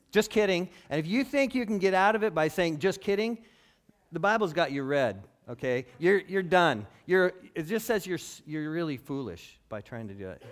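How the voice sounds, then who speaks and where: Animated, conversational male preacher. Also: a little high. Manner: lively, conversational, acts out quoted speech; asks the audience questions. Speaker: pastor. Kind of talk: sermon.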